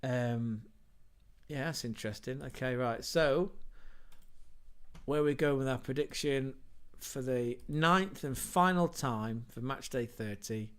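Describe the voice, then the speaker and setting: A man's voice: mid-range voice, slow, a bit bright, clean tone. A man hosting a casual football livestream, running through team lineups with jokey asides, wordplay and self-corrections. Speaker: football podcast host.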